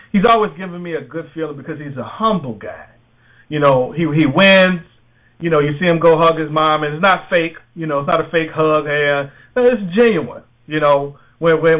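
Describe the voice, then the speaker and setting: Man, american accent, radio host, rambling sports chat, fairly high pitch. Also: fairly bright tone, rough recording. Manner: rambling, many fillers and restarts. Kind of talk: casual sports talk.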